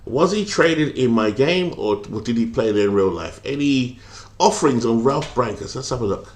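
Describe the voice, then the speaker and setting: A man's voice: medium pitch, animated, normal speed. A British man streaming a baseball simulation, chatting casually, thinking aloud and reading out viewer comments, with lots of hesitant fillers. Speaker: game streamer.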